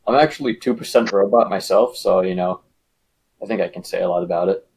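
A young man co-hosting a casual movie podcast, halting with fillers and dry humor. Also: low voice, a little mellow, husky, rough recording. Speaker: podcast co-host. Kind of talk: casual chat.

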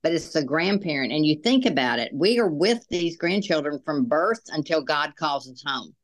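An older woman with grandchildren, appearing as a podcast guest over a remote call and speaking in a warm, encouraging way. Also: sits low, expressive, normal speed. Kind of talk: encouraging ministry talk.

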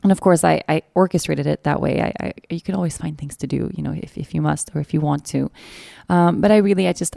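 A young woman hosts a casual podcast from her kitchen table, her low voice mellow and gravelly. She rambles openly, with many restarts, in a dry, close sound. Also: no echo. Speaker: podcast host.

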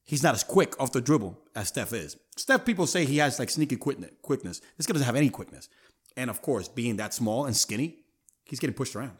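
A man hosting a sports talk show, his pitch swinging up and down as he makes his points. He talks emphatically and leans on casual slang. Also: fairly quick, breathy edge. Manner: animated, emphatic, street slang. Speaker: podcast host.

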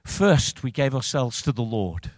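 A male pastor preaching a sermon, moving from quiet reflection to loud, rousing calls to the congregation. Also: mid-range voice, sing-song, a little slow, no echo.

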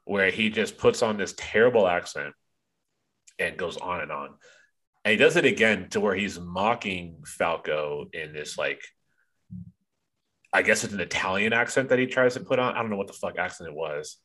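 A man with a very low voice talks through a casual sports podcast. He rants with plenty of profanity and trails off into ums between points, dragging out his gripes. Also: expressive, normal speed, sharp tone. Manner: profane, ranting, lots of ums. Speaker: podcast co-host.

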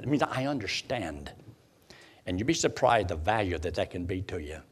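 A man's voice: low-pitched, very animated, normal speed, slightly rough. A man preaching a sermon, quoting scripture in old-style wording and repeating phrases for emphasis.

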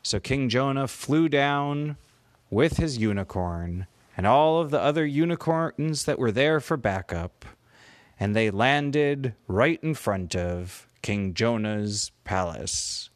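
A man making up a children's bedtime story as he goes, with pauses and small self-corrections. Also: mid-range voice, expressive, dry recording.

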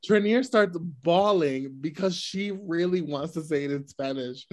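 A man on a casual podcast with a notably high voice. He tells a story about a friend in a lively, teasing way, jumping between his own words and his impressions of others. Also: unhurried. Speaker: podcast co-host. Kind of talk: casual chat.

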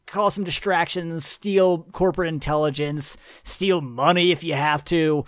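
An exasperated male CEO who rambles through his orders, stumbling and repeating words as he goes, voiced by a man. The voice sits a little high. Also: fairly even intonation, a little slow, dry recording, close to an everyday voice.

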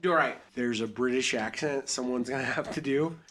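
A man hosting a podcast in casual chat, excitable, joking and swearing a lot. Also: medium pitch, moderate pace, a little hiss or hum. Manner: excitable, profane, jokey. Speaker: podcast host.

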